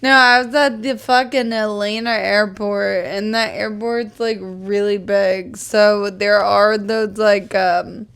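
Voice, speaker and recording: A woman's voice: medium pitch, steady tone, slow pace, hardly any pauses, fairly bright tone, smooth. A young woman co-hosting a podcast in casual chat, teasing, blunt and swearing casually. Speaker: podcast co-host.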